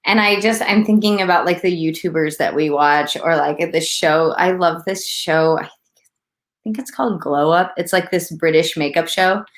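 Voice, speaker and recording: A woman co-hosting a casual chat, talking in an animated, rambling way and often laughing. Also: on the low side, moderate pace. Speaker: co-host.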